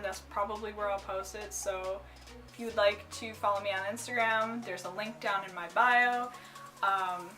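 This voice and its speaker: Bright-voiced young woman telling a rambling story. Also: medium pitch. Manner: rambling, full of "like" and "um"; giggly, bursts into excited squeals. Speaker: cosplay vlogger. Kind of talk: casual story time.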